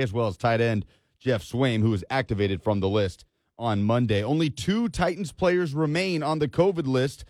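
Man reading crisp sports headlines. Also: medium pitch, no room sound, studio quality. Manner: steady, clipped news delivery. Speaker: radio news reader. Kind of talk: scripted sports news update.

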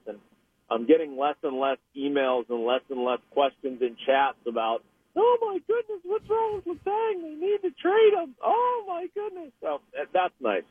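A man calls in to a sports radio show from his car, and his husky voice comes through a thin, phone-line sound. He talks hockey casually and laughs easily, often backing up to restart a thought. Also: mid-range voice. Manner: chatty, quick to laugh, restarts his sentences. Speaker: newspaper hockey reporter, radio guest. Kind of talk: casual analytical chat. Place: driving in a car. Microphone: phone call.

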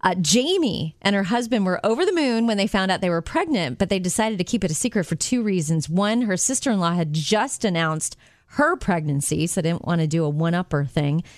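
A woman co-hosting a radio show in casual chat, telling stories in an animated way and laughing often. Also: on the low side, brisk, dry recording, clean studio sound. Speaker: radio co-host.

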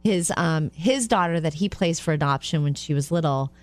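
Lively storytelling woman co-host. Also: low-pitched, normal speed, soft background music. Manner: lively storyteller, laughs often. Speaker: talk show co-host. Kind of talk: casual chat.

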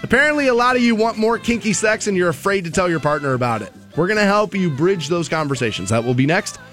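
A high-voiced man rambles through jokey stories as a radio morning host. Faint music sits quietly under his casual, loose banter. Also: expressive, fast talker. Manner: joking, rambling storyteller.

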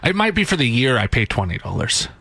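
A man co-hosting a morning radio show, easygoing and quick to laugh in casual banter. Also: mid-range voice, very animated, creaky, pushed and bright, slightly rough, no room sound. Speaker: radio co-host.

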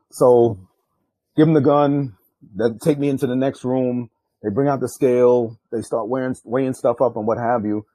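Animated older man, dark husky voice. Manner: animated, jumps loud and high acting out quotes; profane, street-style speech. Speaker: guest, retired drug agent. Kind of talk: storytelling in a podcast interview.

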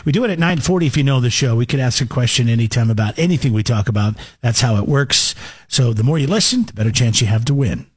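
A man's voice: mid-range voice, animated, fast, few pauses, breathy edge, no room sound. A man hosting a radio morning show, chatting casually and reading out contest details. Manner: chatty, laughs easily, reads contest details.

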